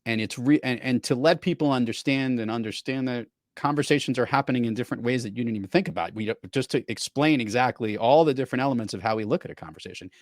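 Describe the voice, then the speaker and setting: A man's voice: mid-range voice, no echo, clean studio sound. A middle-aged man hosting a podcast, chatting casually and telling stories. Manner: chatty, storytelling. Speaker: podcast host. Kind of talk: casual chat.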